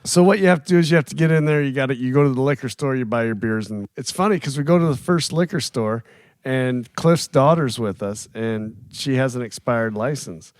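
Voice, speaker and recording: A man co-hosting a podcast, telling stories with animated energy and frequent laughs. He is recorded close to the mic in a dry studio with no room echo. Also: mid-range voice, a little fast. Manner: animated storyteller who laughs often and acts out quoted voices. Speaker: podcast co-host. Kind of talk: casual chat. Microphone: studio microphone, close.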